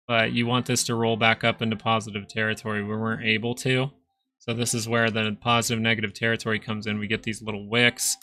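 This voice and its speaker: A young man hosts a live stock market stream, his lowish voice bright and forceful. He's chatty and rambling, casually reading viewer comments out loud.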